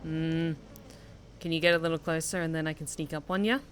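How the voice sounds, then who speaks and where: A woman streaming a video game with casual, excitable commentary, often exclaiming and swearing. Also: deep voice, a little fast, a little hiss or hum.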